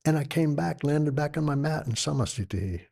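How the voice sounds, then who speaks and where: An older man, a yoga teacher appearing as a podcast guest, telling stories in an animated, conversational way with a gravelly voice. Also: fairly quick. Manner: animated storyteller, lively pitch shifts. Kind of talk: storytelling conversation.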